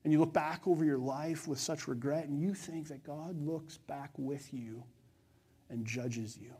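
A male pastor preaching a sermon to his church with passion, his voice swinging from loud, urgent stretches to hushed ones. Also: a little high, steady tone, measured pace, breathy edge.

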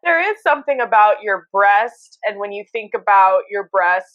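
A woman hosting a casual chat, animated and acting out quoted dialogue. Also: medium pitch, normal speed, hardly any pauses, no echo, dull audio. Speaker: podcast host.

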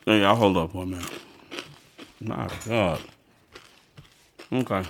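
A man's voice: on the low side, a bit bright, slight background noise. A man hosting a podcast in a casual, rambling way, talking while chewing, just home from work and hungry. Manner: slow, rambling, talks while chewing and eating. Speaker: podcast host. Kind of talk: casual chat.

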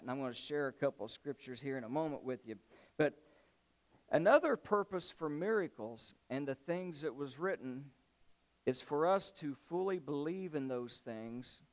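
A man preaching a sermon, rising into loud impassioned swells and then dropping back to a quieter, conversational tone. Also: fairly high pitch, smooth. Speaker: pastor.

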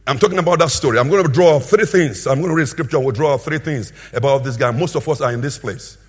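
A man preaching a sermon with a husky voice, swinging between loud emphatic bursts and quieter asides. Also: medium pitch, fast talker.

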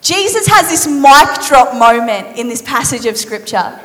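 A woman preacher giving a sermon in a lively, conversational, playful storytelling manner. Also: high-pitched, unhurried. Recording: reverberant hall.

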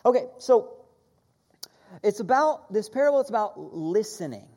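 A woman preaching a sermon, teaching in an animated way, stressing key words and leading her listeners in repeating after her. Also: mid-range voice, normal speed. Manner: animated teaching, leads the audience in call-and-repeat.

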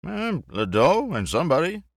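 Narrator voicing a wry, laconic man, slightly raised pitch, dry close read. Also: huge pitch swings, moderate pace, creaky, no room sound, full character voice. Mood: laid-back.

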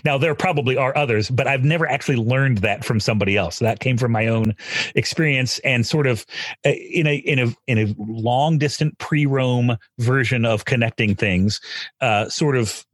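Husky-voiced middle-aged man teaching singing. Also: medium pitch, moderate pace, no echo, clean studio sound. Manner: thoughtful, explanatory. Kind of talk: podcast conversation.

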